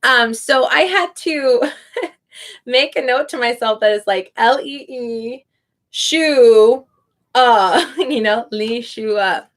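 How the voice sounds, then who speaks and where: A woman's voice: high-pitched, a bit bright. A young woman, an online English teacher, casually explaining how to pronounce names and sounding them out carefully. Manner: slow, careful, drawn-out name pronunciation. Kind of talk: casual live teaching chat.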